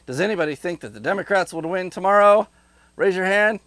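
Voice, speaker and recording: A man giving a direct-to-camera political monologue, rhetorical and animated, slipping into mocking voices. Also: high voice, a little fast, dry recording. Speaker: political commentator.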